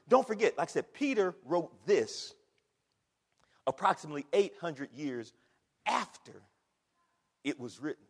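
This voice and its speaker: High-voiced preacher man in a reverberant hall. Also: big pitch swings, a little slow, long pauses, slightly rough. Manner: emphatic preaching with repeated words and rhetorical questions. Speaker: pastor. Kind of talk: sermon. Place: church sanctuary.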